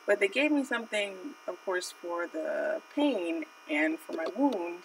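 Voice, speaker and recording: A woman tells a rambling childhood story on her art stream, dotted with "like" and "you know." Her mid-pitched voice carries some vocal fry. She sits a little back from the mic, and a faint electrical hum runs underneath. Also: animated, measured pace, recorded from a distance, low-quality recording. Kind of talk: casual live-stream storytelling.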